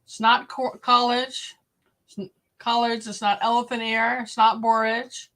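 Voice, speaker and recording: Chatty woman, livestream host, slightly high voice, friendly direct address to viewers. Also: flat delivery, unhurried, a bit bright. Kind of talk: casual live-stream chat.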